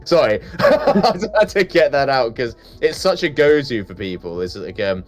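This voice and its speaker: A man's voice: mid-range voice, big pitch swings, moderate pace. A man co-hosting a casual chat stream, blunt and emphatic, swearing freely. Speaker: stream co-host.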